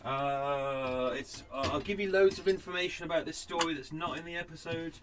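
A man's voice: a little high, fairly even intonation, normal speed. Rambling man chatting aboard a boat. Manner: rambling, chatty, self-mocking. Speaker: podcast host. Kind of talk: casual unscripted chat. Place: narrowboat cabin.

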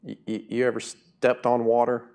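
Man, middle-aged, pastor, conversational sermon, emphatic, swings between soft asides and loud bursts, mid-pitched voice. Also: normal speed. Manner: animated, emphatic, conversational preaching with sudden loud rises and quiet drops.

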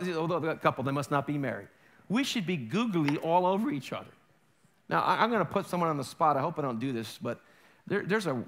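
A male pastor preaching a sermon in an animated way, acting out voices with humor. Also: a little high.

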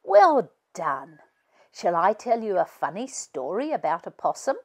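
Woman voicing an animated mum, lively swooping voice, storybook. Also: mid-range voice, a little slow. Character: lively storytelling mother of many.

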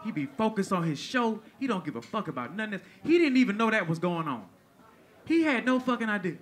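A man doing stand-up, telling an animated, profane story on stage and laughing through it. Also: sits high, a little fast. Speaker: stand-up comedian. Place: stage before a live audience. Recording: live show with crowd.

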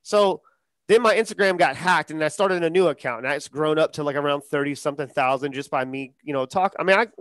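A man talking casually as a podcast guest, acting out quotes in lively storytelling. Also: a little high, brisk, no room sound, clean studio sound. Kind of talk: casual interview talk.

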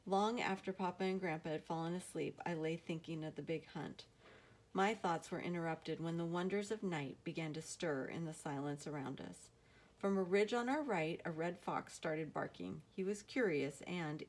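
A woman narrating a novel aloud in a steady, measured storytelling manner. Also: deep voice. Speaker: audiobook narrator.

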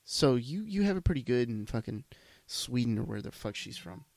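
A man's voice: medium pitch, big pitch swings, normal speed, creaky, darkish tone. A man hosting a solo podcast, ranting bluntly with lots of swearing and restarts. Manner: blunt, profane, rambling with restarts. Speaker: podcast host.

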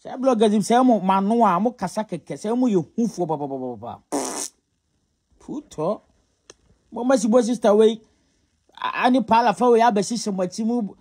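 A man's voice: sits high, expressive, moderate pace, long pauses, a little mellow, husky. A Ghanaian man giving casual gossip commentary, mocking and scolding as he mixes Twi and English. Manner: scolding, mocking, often laughing.

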